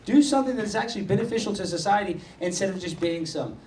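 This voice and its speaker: Male provocateur, fairly high voice, brash talk in a university hall, distant mic with faint hiss. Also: lively intonation, quick pace. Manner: mocking, swings from loud rants to mutters. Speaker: guest speaker. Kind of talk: provocative live speech.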